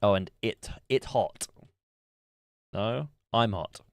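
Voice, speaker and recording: A man's voice: on the low side, slow pace, creaky, dry recording, studio quality. A man streaming live, chatting casually and thinking aloud as he works through a guessing game. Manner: musing aloud while playing a guessing game. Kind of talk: casual livestream chat.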